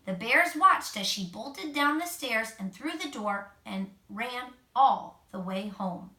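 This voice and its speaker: Bright, animated mom reading a storybook. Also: female voice, on the high side, slow. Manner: expressive, gentle asides to the child. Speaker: mother reading to her child. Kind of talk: reading a picture book aloud. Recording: echoey room, mic at a distance.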